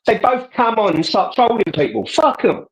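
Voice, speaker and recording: A man's voice: very high voice, expressive, moderate pace, poor audio. A man talking crudely and tauntingly on a livestream call, swearing freely. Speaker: livestream guest. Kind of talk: casual livestream banter. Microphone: computer microphone on a live call.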